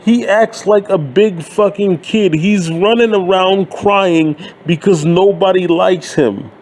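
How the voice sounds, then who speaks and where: Blunt, profane man ranting slowly. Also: high voice, darkish tone. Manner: blunt, sarcastic, swears freely. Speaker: wrestling commentary YouTuber.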